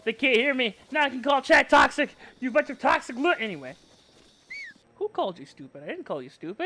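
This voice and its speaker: A man streaming a game live as a VTuber, excitable, yelling and bantering with his chat. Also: extremely high pitch, a little fast.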